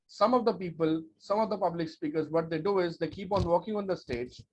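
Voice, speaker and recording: Energetic, emphatic man coaching public speaking. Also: high-pitched, a little fast. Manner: energetic, emphatic, rhetorical repetition. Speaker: speech coach. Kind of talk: webinar presentation. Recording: dull lo-fi audio with faint noise.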